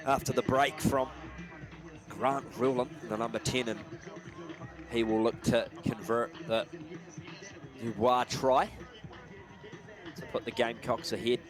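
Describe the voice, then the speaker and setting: A male play-by-play commentator with a middle-pitched voice calls a live rugby match from the stadium box. His delivery is energetic and swells into shouts on the big plays. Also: measured pace, long pauses, music in the background.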